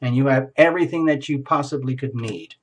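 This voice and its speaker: A man voicing a calm, reassuring group of happy people who speak in a soothing, patient way. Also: mid-range voice, fairly quick, breathy edge, natural voice.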